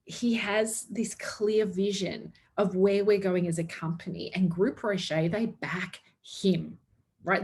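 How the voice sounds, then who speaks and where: A woman's voice: mid-range voice, a little mellow. A woman giving an earnest motivational talk to her sales team, upbeat and laughing often. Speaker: network marketing team leader.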